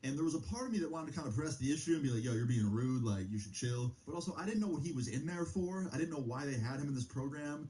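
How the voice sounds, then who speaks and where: A man's voice: on the high side, animated, rapid-fire, few pauses, mellow, poor audio. A young man streaming, casually rambling through a personal story with plenty of swearing and filler words. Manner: rambling, profane, heavy use of filler like.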